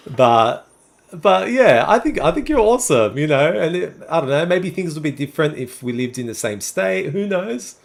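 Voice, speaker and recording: Relaxed Sydney-accented man chatting on stream. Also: a little high, a little slow, vocal fry. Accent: Australian, Sydney. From Australia. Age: 20s or 30s. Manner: relaxed, chatty, answers chat messages one by one. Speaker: livestream host. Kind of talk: casual live-stream chat with viewers.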